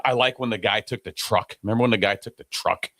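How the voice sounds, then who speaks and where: A man co-hosting a casual sports podcast, blunt and quick to get heated about players. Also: on the low side, a bit bright. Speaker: podcast co-host.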